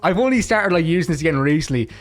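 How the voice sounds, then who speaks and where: Young Irish vlogger, slightly high voice, sweary comic explainer who keeps jumping into mock voices. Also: male voice, expressive. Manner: crude joking, heavy swearing, quick jumps into mock voices. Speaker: comedy vlogger. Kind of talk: comedic slang explainer.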